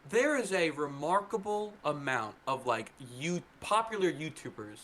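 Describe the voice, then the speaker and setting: A man's voice: a little high, normal speed, slight background noise. A man co-hosting a podcast, telling casual anecdotes in a rambling way, full of "like" and quoted voices. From North Carolina. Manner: rambling storyteller, lots of "like", does excited voices for people he quotes. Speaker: podcast co-host. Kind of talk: casual chat.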